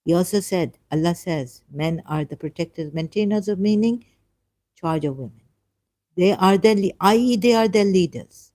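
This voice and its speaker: A woman's voice: on the low side, lively intonation, normal speed, warm tone. Exasperated woman reading and arguing back. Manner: exasperated, argumentative, stumbling over words. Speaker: religion critic reacting to a video. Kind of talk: casual commentary reading and reacting aloud.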